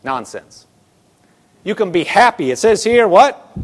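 A man preaching a sermon as a pastor, talking to the congregation in a lively, conversational way with quick restarts. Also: high-pitched. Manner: acts out quoted people in his own voice.

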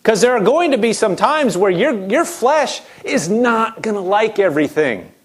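A man's voice: high voice, sing-song, normal speed. A man preaching a sermon in a direct, conversational way, acting out quoted objections as he goes.

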